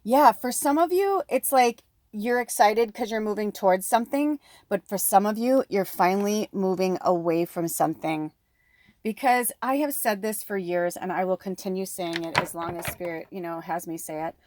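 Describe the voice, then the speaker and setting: Middle-aged woman, tarot reader, casual and chatty, close-mic'd and dry, pitched in the middle. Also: normal speed, a little mellow, dry recording. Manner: chatty, breathy asides, close to the mic. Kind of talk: pick-a-card tarot reading.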